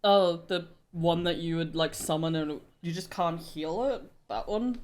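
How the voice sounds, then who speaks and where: A woman's voice: lowish voice, measured pace. A woman co-hosting a podcast, bantering in a teasing, profane, bubbly way. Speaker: podcast co-host. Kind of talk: casual banter.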